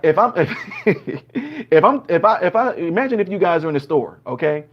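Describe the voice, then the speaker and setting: Male host, animated storyteller, dull lo-fi recording. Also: high voice, moderate pace, a little hiss or hum. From Chicago. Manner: animated storytelling, acting out quoted people. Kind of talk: casual monologue.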